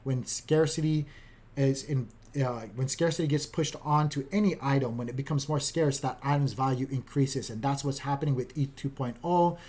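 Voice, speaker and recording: A man, a father of a young child, giving a casual, upbeat market recap in quick, chatty commentary. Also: medium pitch, a little mellow. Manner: upbeat, keeps saying "guys", talks fast.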